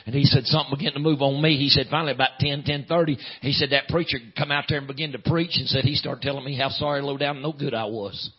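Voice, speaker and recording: A man preaching a sermon in a folksy drawl, filling pauses with "uh", swinging from loud preaching to hushed storytelling. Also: medium pitch, fairly even intonation, breathy edge. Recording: dull lo-fi sound.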